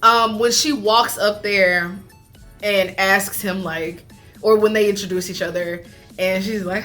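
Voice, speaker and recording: A woman chatting casually as she recaps a reality show, animated, laughing often and talking with lots of fillers. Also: mid-range voice, a little slow, music in the background.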